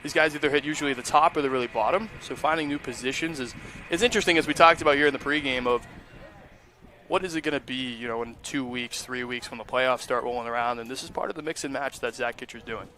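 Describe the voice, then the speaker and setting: Brief: male sideline reporter, mid-pitched, casual and friendly, interview and analysis. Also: quick pace, bright, forceful tone. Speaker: on-field reporter and color analyst.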